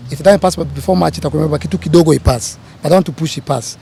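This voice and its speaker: A man's voice: fairly high pitch, rapid-fire, gravelly, warm tone, a little hiss or hum. A man with a Kenyan accent giving impassioned remarks to reporters, emphatic and pleading, repeating his appeals. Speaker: public figure addressing reporters.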